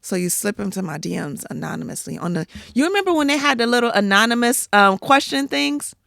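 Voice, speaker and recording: A woman guest on a podcast, telling personal stories in a lively, emphatic way and acting out what others said. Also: medium pitch, brisk, vocal fry, dry recording, studio quality. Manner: animated, emphatic storytelling with acted-out quotes. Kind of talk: casual interview storytelling.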